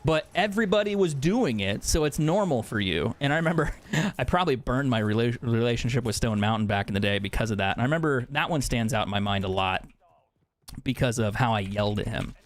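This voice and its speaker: A young man streams a game and chats openly with his viewers. His voice sits at a mid pitch. His talk is loose and profane, with frequent laughs. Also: animated, brisk. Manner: candid, profane, laughs often. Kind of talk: casual chat with stream viewers while gaming.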